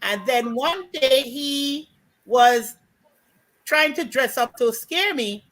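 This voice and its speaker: A woman with a Jamaican accent, chatting and telling folk stories with lively acted-out voices. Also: high voice, slow, a little hiss or hum, rough recording. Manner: animated storytelling, acts out voices. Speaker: storyteller guest. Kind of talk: casual chat.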